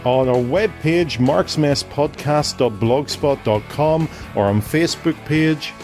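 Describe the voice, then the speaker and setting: Rambling podcast host dad. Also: male voice, fairly high pitch, a little slow, darkish tone, soft background music. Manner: rambling, stumbling over words. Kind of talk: casual family podcast chat.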